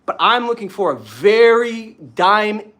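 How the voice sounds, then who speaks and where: Speaking slowly in a high, fairly bright voice, this young dating coach is very animated as he vlogs while doing push-ups. Slightly winded, he chats casually and swears between reps.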